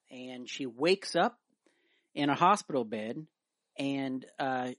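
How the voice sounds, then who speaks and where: A young man co-hosting a podcast, rambling through a story with plenty of ums and false starts. His voice sits at an ordinary pitch and sounds dry and close. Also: no echo. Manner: halting storyteller with many fillers. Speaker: podcast co-host. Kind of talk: casual chat.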